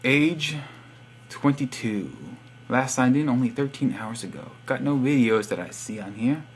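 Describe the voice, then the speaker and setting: A man's voice: medium pitch, measured pace, slight background noise. A young man reading out subscriber profiles in a casual, sarcastic, teasing monologue. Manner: sarcastic teasing, reads profiles aloud with wry asides. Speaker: vlogger giving subscriber shoutouts.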